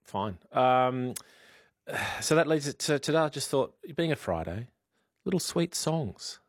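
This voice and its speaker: Man, radio news and banter, measured, dry close mic. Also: mid-range voice, lively intonation, dry recording. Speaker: radio newsreader. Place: radio studio. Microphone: studio microphone.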